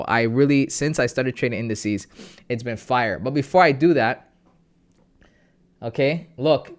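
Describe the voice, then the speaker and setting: An excited young man hosts a casual livestream and chats straight to his viewers. He greets people by name and talks about his day in a loose, chatty way. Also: medium pitch. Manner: excited, reads out chat messages and greets viewers. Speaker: trading livestream host.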